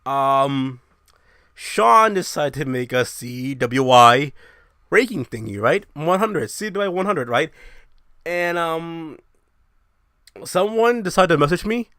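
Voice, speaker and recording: A young man hosting his own show, ranting in a brash, profane, animated way. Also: a little high, slow, pauses often, clear, resonant tone, no room sound, clean studio sound. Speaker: show host. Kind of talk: casual ranting monologue.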